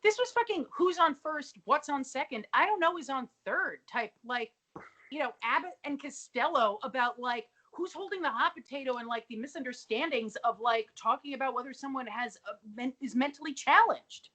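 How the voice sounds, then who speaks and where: A woman co-hosting a podcast, animated and blunt in casual chat, swearing and quoting scenes in mocking voices. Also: high voice, moderate pace. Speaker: podcast co-host. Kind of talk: casual chat recapping a TV episode.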